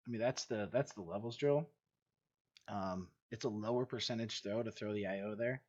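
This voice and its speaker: A man's voice: lowish voice, normal speed, a little mellow. A man coaching his team through game footage, talking bluntly and casually, repeating himself and swearing now and then. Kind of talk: casual game film breakdown. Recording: dull lo-fi recording.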